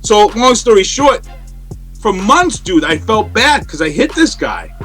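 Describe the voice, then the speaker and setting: A man, a guest on an interview show, telling a story in a casual, animated way over a remote call. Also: high-pitched, measured pace, faint music behind. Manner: animated, acts out quoted voices. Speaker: interview guest, radio personality. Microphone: remote call from home.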